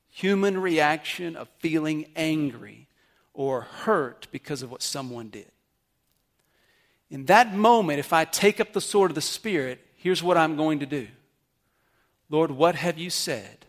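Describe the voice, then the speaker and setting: Pastor guy preaching, bit high voice, earnest teaching tone. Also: fairly bright tone. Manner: earnest teaching with questions to the congregation. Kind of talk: sermon. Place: church service.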